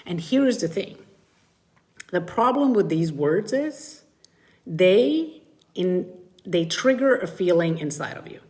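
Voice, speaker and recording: A middle-aged woman talks to mothers on a live stream as their coach. Her voice sits a little low, but it jumps sharply upward when she acts out a feeling. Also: slow pace, long pauses. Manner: animated, swoops high when acting out feelings. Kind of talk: live-streamed talk to viewers.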